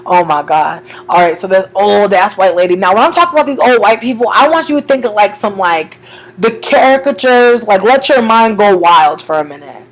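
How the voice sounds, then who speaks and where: A woman's voice: medium pitch, a little fast, rough recording. A young woman tells stories from reading tarot on the street in a loose, casual vlog. She swears freely and slips into each person's lines as she retells them, playing both sides of the exchange. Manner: profane, animated, acts out both sides of conversations.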